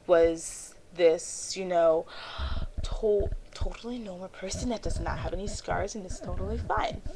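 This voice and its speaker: A teenage girl talking to her camera in a personal confessional vlog, animated and acting out her own inner voice. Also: fairly low pitch, slight background noise. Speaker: vlogger. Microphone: handheld camera.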